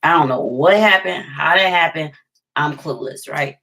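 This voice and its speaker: A woman's voice: deep voice, normal speed, sharp tone. A woman vlogger telling a personal story in a casual, emphatic way, often repeating phrases for effect.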